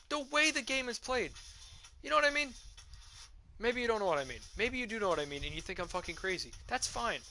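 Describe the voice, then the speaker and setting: A man's voice: a little high, rough recording. A young man ranting casually while streaming a game, tipsy from drinking and swearing a lot as he talks into a headset mic. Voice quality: profane, ranty, excitable. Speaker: gaming streamer. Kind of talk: rambling casual rant while gaming.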